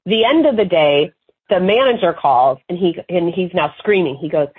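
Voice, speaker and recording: A woman guest in an interview, telling marketing anecdotes in an animated, casual way and acting out the people in them. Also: on the low side, moderate pace, slightly rough. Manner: animated anecdotes with lively quoted voices. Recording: tinny phone-like line.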